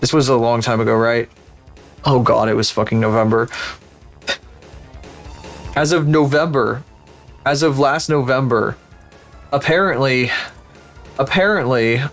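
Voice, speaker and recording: A man's voice: mid-range voice, slow pace, long pauses, faint music behind. A man streaming live, chatting casually and with lots of swearing while he works through 3D rigging and talks to his viewers. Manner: profane, rambling, sarcastic, talks to viewers.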